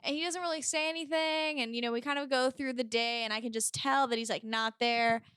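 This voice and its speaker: A young woman in her twenties tells a personal story as a podcast guest, chatty and full of fillers. Her voice sits a little high and sounds smooth and clear. It is recorded close and dry, with no room sound. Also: steady tone, fairly quick, a bit bright, no room sound. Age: 20s. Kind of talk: casual storytelling.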